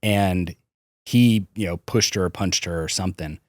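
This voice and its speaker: Low-voiced man telling hard stories. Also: moderate pace, a little mellow, no echo, studio quality. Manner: frank, swears, hesitant restarts. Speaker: podcast guest. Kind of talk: candid personal storytelling.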